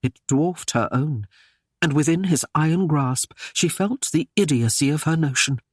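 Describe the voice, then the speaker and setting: A man narrating a historical romance audiobook in a measured, even storytelling manner. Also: on the high side, dry recording, studio quality. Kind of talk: scripted narration.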